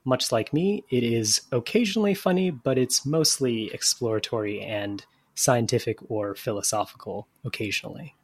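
A man's voice: medium pitch, moderate pace, hardly any pauses, breathy edge. A man, a comedian guest on a podcast, making mock-earnest suggestions in a dry manner. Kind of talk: casual comedy podcast chat.

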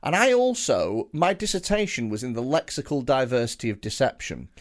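Man, podcast co-host, casual comedy chat, rambling, animated, lively intonation. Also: medium pitch, fairly quick. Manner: rambling, animated storytelling with restarts.

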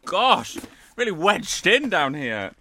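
A man's voice: sits high, very animated, slow pace, background noise. A man co-hosting a podcast, bubbly and laughing as he opens listener mail. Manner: bubbly, laughing, theatrical gasps. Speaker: podcast co-host. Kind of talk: casual chat reading listener mail.

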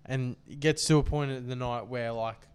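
A man's voice: mid-range voice, fairly even intonation, moderate pace, clear, resonant tone. A young man, co-hosting a podcast and telling a story in a loose, rambling way, laughing as he goes. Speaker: podcast co-host. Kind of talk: casual storytelling chat.

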